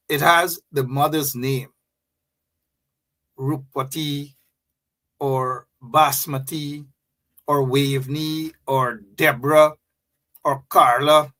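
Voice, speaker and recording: A man's voice: fairly high pitch, animated, takes it slowly, pauses often, sharp tone. A man hosting political commentary, mocking and emphatic, repeating points for effect. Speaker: host.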